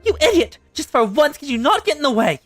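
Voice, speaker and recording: A man voicing a fierce, domineering middle-aged mother with a pan, reading game dialogue in a brisk, scolding manner. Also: very high voice, very animated, fairly bright tone, dry recording, soft background music, pitched above the performer's own voice, exaggerated voice.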